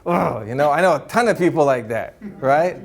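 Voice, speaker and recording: A man's voice: a little high, lively intonation, brisk. A man giving a spiritual talk to an audience, earnest and upbeat, often tagging his points with "right?" and breaking into chuckles. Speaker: spiritual teacher.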